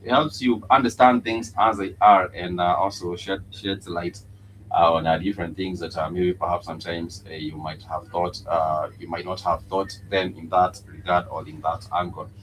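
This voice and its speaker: A man with a very low, deep voice teaches a live-streamed Swahili lesson. He talks in halting bits full of "uh", repeating each word slowly so learners can follow. A faint hiss of noise sits under the recording. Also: a bit bright, poor audio.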